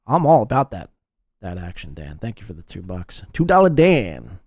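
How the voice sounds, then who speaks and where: Animated, mocking male podcast host. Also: low voice, a little fast, husky, no room sound, clean studio sound. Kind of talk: profane commentary over played clips.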